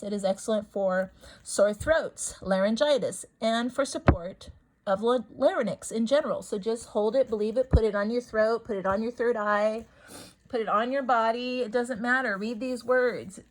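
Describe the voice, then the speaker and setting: Emphatic, rambling woman with a high voice. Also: normal speed, poor audio. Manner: rambling, emphatic, repeats herself. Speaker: spiritual video host. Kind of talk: casual chat about healing stones.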